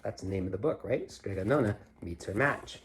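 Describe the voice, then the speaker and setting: A man's voice: fairly low pitch, fairly quick, noisy background. A man reading a picture book aloud to children, with chatty asides and questions to the listener. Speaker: storybook reader.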